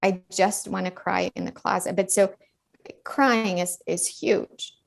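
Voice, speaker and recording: A woman's voice: medium pitch, steady tone, unhurried, creaky. A middle-aged woman, a dentist guest on a podcast, talking earnestly and candidly and often repeating words as she goes.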